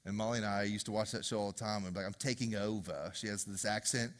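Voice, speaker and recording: A man preaching a sermon as pastor to a congregation, swinging from loud, driving passages to hushed, repeated questions. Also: on the low side, level tone, quick pace. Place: church hall with congregation.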